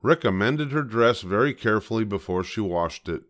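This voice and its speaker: An older man reads a children's storybook aloud in a gentle, measured way. His voice sits a little low for a man, calm and steady.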